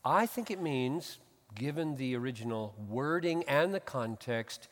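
A male pastor with a mid-range voice gives an expository sermon, unhurried and expressive, in a space with long hall reverb. Earnest and emphatic, he swings between hushed tones and loud exclamations.

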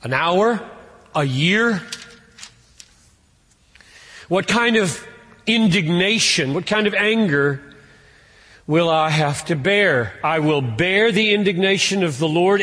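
A man preaching a sermon in an earnest way, rising in pitch and force on key points. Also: expressive, takes it slowly, pauses often, a bit bright, in a large hall. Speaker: pastor.

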